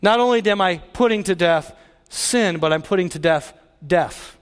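God, a triumphant male deity, put on by a preacher: solemn, declaring, rather high voice for a man, long hall echo. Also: moderate pace, smooth, close to an everyday voice.

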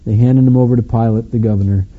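A man's voice: mid-range voice, steady tone, quick pace, slightly rough, narrow, tinny audio. A man from Wisconsin with a Wisconsin accent preaching a sermon, earnestly retelling the story and voicing the quoted lines. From Wisconsin, United States. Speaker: pastor.

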